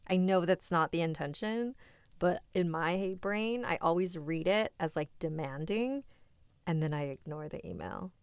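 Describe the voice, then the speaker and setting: A woman's voice: fairly low pitch, clear, resonant tone, no room sound. A woman hosting a livestream, reading submitted scary stories aloud and chatting candidly with her viewers between them. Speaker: host and story reader.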